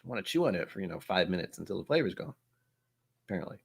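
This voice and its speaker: A man's voice: low-pitched, big pitch swings, racing, gravelly, husky. A young man hosting a whiskey channel, chatting casually with his viewers in a rambling, self-mocking way. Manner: rambling, self-mocking, reacts aloud to chat. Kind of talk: casual livestream chat.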